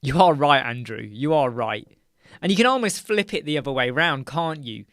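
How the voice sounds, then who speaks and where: A man's voice: mid-range voice, moderate pace, no echo. Jokey man, dry close sound. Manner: rambling, jokey, animated storytelling. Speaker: host of a live web-design Q&A. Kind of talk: casual live-stream chat. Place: dark soundproofed room.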